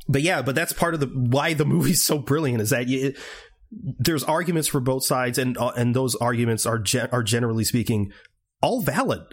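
A man co-hosting a podcast, talking in a casual, rambling way full of restarts and swearing. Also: medium pitch. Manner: heated, swearing rants with acted-out quotes. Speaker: podcast co-host. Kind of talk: casual chat.

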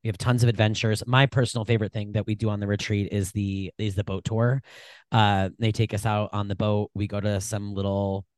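A man co-hosting a casual podcast chat, joking and teasing with lively energy, on a desk mic in a dry room. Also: fairly low pitch, brisk, dry recording. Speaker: podcast co-host. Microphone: desk mic on a short stand.

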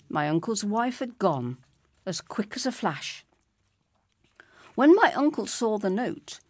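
A woman reads a story aloud at a slow, even pace. Her pitch rises and falls a great deal. The voice is close and dry, with no room sound. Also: no room sound. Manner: expressive, unhurried.

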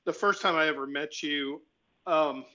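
A man's voice: on the high side, moderate pace, bright, forceful tone. Man interviewing over muffled audio. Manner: friendly, rambling questions with restarts. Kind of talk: conversational interview. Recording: dull lo-fi audio.

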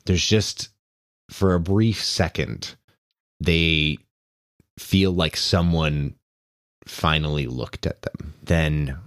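A man with a very low voice narrates as game master of a tabletop role-play. He talks casually and rambles. The recording is dry and close. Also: a bit bright, dry recording.

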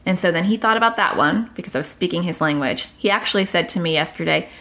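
A middle-aged woman giving casual advice on her own channel. She tells stories in a lively way, and her pitch leaps whenever she quotes her son or herself. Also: quick pace. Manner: animated storytelling, pitch leaps when quoting others. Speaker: parenting and anxiety educator on her own channel. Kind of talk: casual advice monologue to camera.

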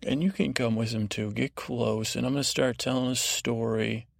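Drowsy rambling man with a gravelly voice. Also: mid-range voice, steady tone, no echo, studio quality. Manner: rambling, drowsy, lulling, with halting restarts. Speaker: podcast host. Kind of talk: meandering bedtime monologue.

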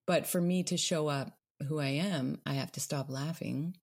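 Low, husky woman guest, searching and heartfelt, dry close mic. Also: normal speed, a little mellow, dry recording. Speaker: podcast guest. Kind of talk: reflective conversation.

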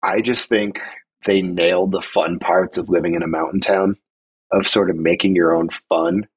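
A man's voice: low voice, fairly even intonation, normal speed, slightly rough, low-quality recording. A man co-hosting a podcast, talking through a film in an emphatic, casual way with many "like" fillers. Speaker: podcast co-host.

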